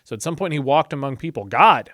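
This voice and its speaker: A man's voice: on the high side, animated, fast talker, a bit bright, dry recording, studio quality. A man hosting a channel, reading scripture casually with chatty asides and tangents.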